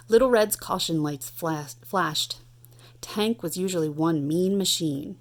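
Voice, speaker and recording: A woman in her thirties reads a children's picture book aloud at home, animated and playful. Her voice sits a little low for a woman. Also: a little slow. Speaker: parent reading aloud. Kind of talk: storybook read-aloud.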